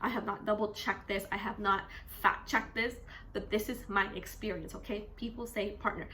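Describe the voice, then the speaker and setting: A young woman from Canada talks casually to camera, chatty and animated, her voice bright and forward. Faint room hum sits behind her. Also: mid-range voice, moderate pace. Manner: chatty, animated, says "like" constantly. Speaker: vlogger; teacher. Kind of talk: casual vlog chat.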